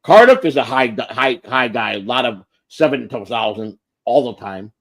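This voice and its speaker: An American man hosts a casual livestream in a medium-pitched, fairly bright voice with lively intonation, at normal speed and with no room sound. He rambles bluntly, swears freely, and restarts his sentences.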